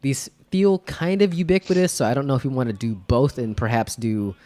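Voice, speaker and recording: A man co-hosting a podcast in a casual snack-tasting chat, wry and teasing, with a halting delivery full of fillers. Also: mid-range voice, a little mellow, no room sound. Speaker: podcast co-host.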